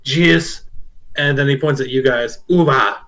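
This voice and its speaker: A man's voice: mid-range voice, moderate pace, a bit bright, lightly acted. A man doing a babbling goblin. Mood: eager. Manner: gibberish words, broken phrases. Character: babbling male goblin camp follower, eager and simple.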